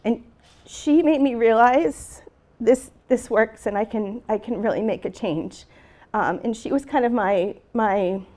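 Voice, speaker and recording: A woman's voice: medium pitch, darkish tone. A middle-aged woman teacher giving an earnest, emotional talk about her classroom, speaking to an audience with slides.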